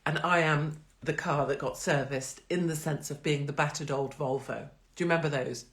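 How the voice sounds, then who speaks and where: Woman, middle-aged, low voice; chatty live-stream host, sarcastic, frequent laughter. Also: fairly even intonation, normal speed. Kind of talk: casual live-stream chat.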